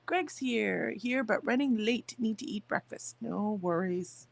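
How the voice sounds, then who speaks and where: A woman's voice: fairly high pitch, a little slow, creaky, no room sound. A woman chatting casually on a livestream, rambling about her morning and talking to her viewers. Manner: chatty, rambling, talks to chat and her dog. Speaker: livestream host.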